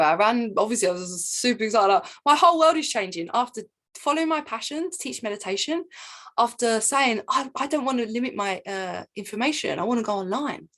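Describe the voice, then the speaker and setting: A woman, a spiritual teacher, telling her own story in an excited, rambling monologue full of repeats and asides. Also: fairly high pitch. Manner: excitable, repeats herself, jumps between asides.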